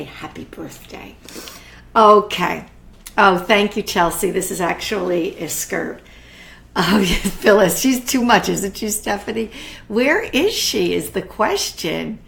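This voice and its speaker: A middle-aged woman hosting a live online art class, chatty and warm with viewers, greeting them by name and often restarting her sentences. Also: on the low side, gravelly, slight background noise. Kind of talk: live-streamed casual art talk.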